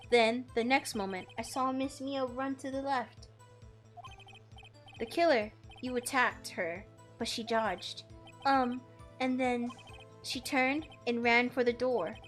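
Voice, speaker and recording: A woman voicing a slick, nervous male witness in a courtroom video game, stammering out excuses. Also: high voice.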